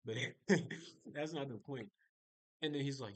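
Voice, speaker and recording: A man's voice: medium pitch, fairly even intonation, normal speed, long pauses, no echo, poor audio. A young man telling stories in a casual video diary, rambling and chatty, full of fillers and restarts. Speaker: vlogger.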